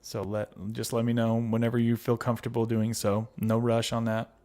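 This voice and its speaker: A man's voice: medium pitch, completely flat delivery, a little fast, a little mellow. A man hosting a casual livestream, reading viewer comments aloud and answering them with fillers and laughs. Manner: chatty with frequent fillers and laughs. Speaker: livestream host.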